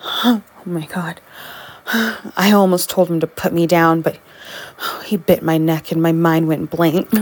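A woman performing an intimate audio role-play, talking in a soft, teasing way with frequent giggles. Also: sits low, flat delivery, a little slow.

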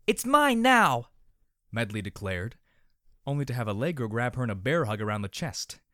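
A man narrating a story in a measured, expressive manner. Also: fairly low pitch, dry recording, clean studio sound.

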